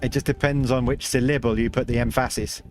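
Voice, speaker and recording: A man's voice: medium pitch, steady tone, fairly quick, a little mellow, soft background music. A man hosting a casual game livestream, chatting loosely and answering viewers' chat as he plays. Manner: chatty, reads chat aloud, rambling with restarts. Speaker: livestream host.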